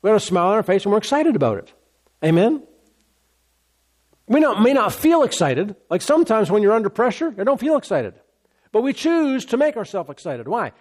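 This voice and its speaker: A man's voice: high-pitched, sing-song, brisk, darkish tone. A male pastor preaching a sermon, repeating key words for emphasis and asking rhetorical questions.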